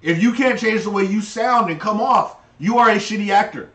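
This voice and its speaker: A man's voice: high-pitched, a little fast, fairly bright tone, far from the mic. A man co-hosting a casual livestream, ranting heatedly and swearing often. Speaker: stream co-host. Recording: roomy, off-mic sound.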